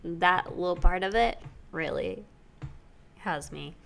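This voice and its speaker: A woman's voice: lowish voice, slow pace, creaky. A young woman co-hosting a casual podcast, chatty and jokey, laughing often. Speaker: podcast co-host. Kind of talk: casual chat.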